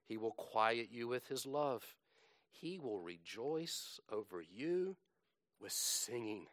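A man preaching a sermon, reciting scripture in a slow, dramatic delivery that swells and drops. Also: medium pitch, expressive, fairly bright tone, no room sound.

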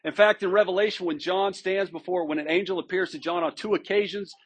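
A man's voice: high voice, steady tone, brisk. A man preaching a sermon, talking in a conversational and emphatic way, often restarting phrases and checking in with his listeners. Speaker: pastor. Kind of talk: expository sermon.

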